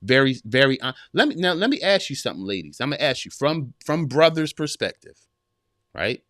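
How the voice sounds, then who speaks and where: A man's voice: medium pitch, big pitch swings, brisk, fairly bright tone, no room sound, clean studio sound. A man in his forties hosting an advice podcast, talking straight to listeners with emphatic repeated phrases. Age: 40s. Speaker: podcast host giving relationship advice. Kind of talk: casual counseling talk to listeners.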